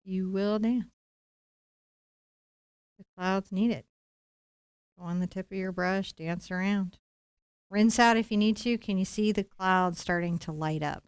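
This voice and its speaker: A woman's voice: mid-range voice, fairly even intonation, moderate pace, clear, resonant tone, no echo, studio quality. A woman leading a live-streamed painting lesson, talking playfully and encouragingly straight to her viewers. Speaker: painting instructor.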